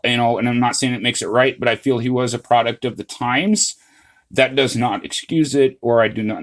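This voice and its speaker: Male vlogger, mid-range voice, off-the-cuff and rambling, heavy on fillers, earnest. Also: mid-range voice. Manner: rambling, frequent "uh, you know" fillers and restarts; earnest, addresses viewers as "guys". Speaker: channel host. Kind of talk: casual history vlog monologue.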